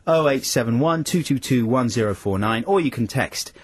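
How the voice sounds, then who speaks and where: A man's voice: mid-range voice, lively intonation, normal speed, slightly rough, dry recording. A man hosting a radio show in a studio, chatting casually, stammering and apologising while laughing at himself. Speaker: radio host.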